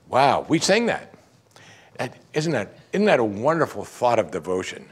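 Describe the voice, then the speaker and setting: Animated middle-aged male preacher. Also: mid-range voice, moderate pace, husky. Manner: animated preaching, swinging between emphatic and hushed. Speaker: pastor. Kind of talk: sermon.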